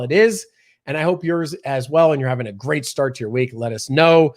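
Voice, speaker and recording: A man's voice: a little high, lively intonation, fairly quick. A man hosting a casual livestream, chatting with viewers and reading out the news with lots of fillers. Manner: chatty, reads viewer comments aloud, many fillers. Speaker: livestream host. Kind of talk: casual live-stream chat and news reading.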